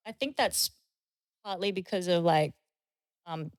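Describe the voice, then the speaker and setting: A woman, a guest performer, chatting casually in a playful, expressive way. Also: on the low side, a little slow, no echo, clean studio sound. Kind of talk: casual chat.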